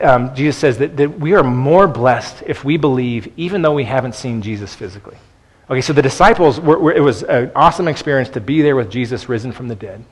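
Male pastor, mid-pitched voice, earnest conversational preaching, long church reverb. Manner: earnest, conversational with frequent restarts and "okay". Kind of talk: sermon.

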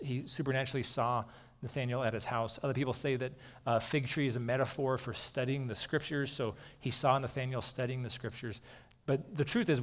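A man giving a sermon in a casual, talking-it-through manner, his mid-range voice carried on the long reverb of a large hall. He often checks in with the listeners by saying "okay". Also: medium pitch. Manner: conversational, frequently saying "okay". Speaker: pastor.

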